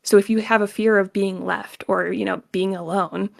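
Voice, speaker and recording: A woman voice actor talks casually as an interview guest, with a gravelly, slightly fried edge to her mid-pitched voice. She laughs often and keeps dropping "like" as she explains her points. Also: steady tone, normal speed. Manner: chatty, laughs often, many "like" fillers.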